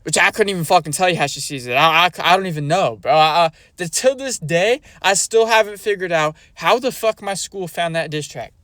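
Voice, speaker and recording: A young man tells a personal story straight to the camera, with loose, profanity-laced phrasing and a lot of filler. His voice sits a little high for a man. The sound is dry and close, with no room echo. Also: a little fast, few pauses, a bit bright. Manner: rambling, profane, fillers like "bro" and "you know what I mean". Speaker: storyteller vlogger. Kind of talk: casual storytelling.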